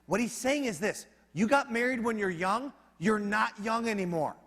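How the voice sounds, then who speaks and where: A man preaching a sermon as pastor, in a conversational, animated manner with humorous asides. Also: high voice, normal speed, in a large hall.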